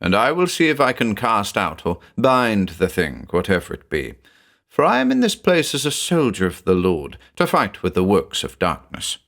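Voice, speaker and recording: A man's voice: lowish voice, wildly swooping pitch, normal speed, gravelly, fairly bright tone, exaggerated voice. A man voicing an earnest medieval village priest who speaks with a solemn, reassuring manner. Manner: solemn, reassuring, forced cheer.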